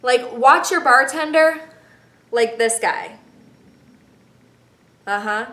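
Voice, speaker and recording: A woman's voice: fairly high pitch, takes it slowly, a bit bright, reverberant. A young woman in her twenties giving travel tips in a chatty, playful vlog with emphatic asides. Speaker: vlogger.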